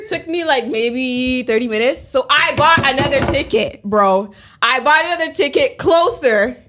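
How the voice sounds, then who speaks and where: Animated woman telling a story, higher-pitched. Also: unhurried, slight background noise. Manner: animated, emphatic, with frequent fillers; swings between excited highs and low, quiet asides. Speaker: podcast co-host. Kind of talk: casual storytelling chat.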